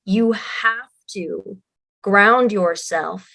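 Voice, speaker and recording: A woman with a mid-pitched voice, speaking as a podcast guest. She gives advice in an earnest, emphatic way and leans on her key points. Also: extremely slow, bright, forceful tone. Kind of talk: casual interview chat.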